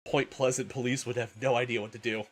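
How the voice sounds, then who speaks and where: A man's voice: mid-range voice, fairly even intonation, quick pace. A man hosting a casual livestream, sleepy and tired, swearing often and laughing a lot. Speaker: livestream host.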